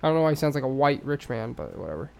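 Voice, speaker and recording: A man's voice: mid-range voice, big pitch swings, rapid-fire, creaky, darkish tone. A man in a casual podcast chat, joking crudely and rambling, tired and sneezy.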